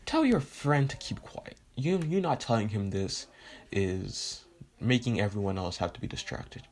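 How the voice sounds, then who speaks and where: A man's voice: lowish voice, lively intonation, moderate pace, darkish tone, slight background noise. A man voicing a stiff, formal teenage student who complains. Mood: indignant.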